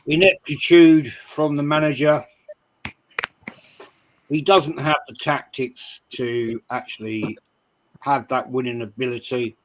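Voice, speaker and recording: A man hosting a football call-in show, giving measured but blunt opinions. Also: medium pitch, fairly even intonation, a little hiss or hum. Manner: measured, blunt, dismissive of critics.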